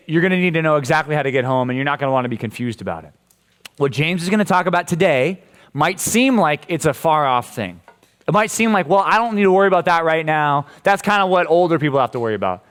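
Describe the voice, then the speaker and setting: Playful American youth pastor, man. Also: on the high side. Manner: casual, playful, asks the room questions. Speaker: junior high youth pastor. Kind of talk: youth sermon.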